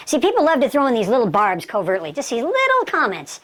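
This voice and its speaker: A woman's voice: on the high side, wildly swooping pitch, quick pace, a bit bright. A woman instructor giving an emphatic lesson and acting out sample dialogue. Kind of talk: instructional talk.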